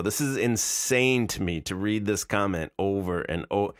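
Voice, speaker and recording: A man's voice: lowish voice, normal speed, hardly any pauses, dry recording, clean studio sound. A man in his forties streaming live, reacting to videos in casual, incredulous, mocking commentary. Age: 40s.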